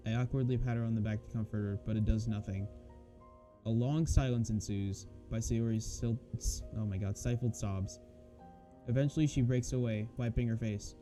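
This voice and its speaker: Man, streamer, reading game text aloud, very dark tone, faint music behind, stops to comment. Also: mid-range voice, moderate pace. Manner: reads in a flat undertone, breaks off to comment. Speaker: streamer reading a visual novel mod.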